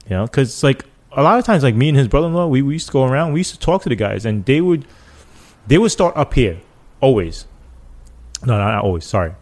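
A former police officer tells stories in a casual interview, speaking quickly in a mid-range voice. He's animated, imitating the people he quotes and using loose slang.

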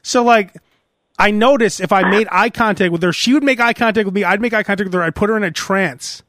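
A man's voice: high voice, fast, no echo, studio quality. A man hosting a podcast, telling stories in a casual comedic chat and laughing often. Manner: animated storyteller, laughs often. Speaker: podcast host.

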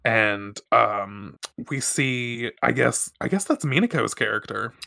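Podcast host chatting, lively swing in pitch, swears a lot, dry close mic. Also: slow, creaky, dry recording. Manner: swears, laughs often, animated. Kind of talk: casual chat, recapping a comic.

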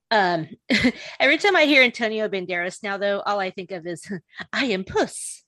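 A woman co-hosting a casual podcast chat, blunt and animated, laughing often. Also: medium pitch, normal speed, no room sound. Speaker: podcast co-host.

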